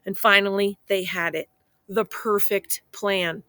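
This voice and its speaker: A woman reading a children's picture book aloud in a playful, expressive way, speaking straight to young listeners. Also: medium pitch, measured pace, no echo. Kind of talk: children's story read-aloud.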